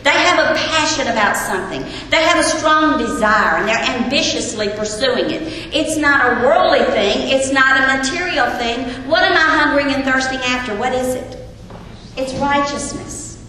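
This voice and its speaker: A woman gives an earnest Bible lesson, often turning questions back to her listeners. Her voice sits high and sounds bright. It rings out through a large hall with a long, lingering echo. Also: moderate pace, slight background noise. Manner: earnest, asks the audience questions. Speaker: Bible teacher. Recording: echoey hall with long reverb, faint ambience.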